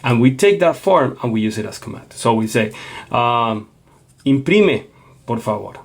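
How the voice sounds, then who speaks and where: A man's voice: mid-range voice, lively intonation, moderate pace. A man teaching a Spanish lesson, explaining patiently and checking in with a frequent "okay?". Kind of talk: classroom lecture.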